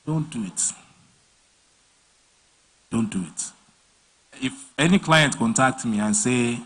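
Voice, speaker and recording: A husky-voiced man teaches design in a loose, live-class way. He jumps into stories and acts out the people in them with lively swings of pitch. His pitch sits at an ordinary middle height for a man. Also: a little slow, long pauses. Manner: animated storyteller, voices clients and bosses mid-story. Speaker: design trainer. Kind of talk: casual live training talk with acted-out anecdotes.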